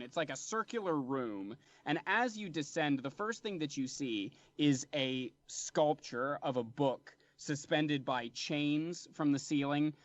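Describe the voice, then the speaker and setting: A man narrating a tabletop game as dungeon master, descriptive and relaxed with frequent fillers. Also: on the high side, unhurried, no echo, lo-fi sound.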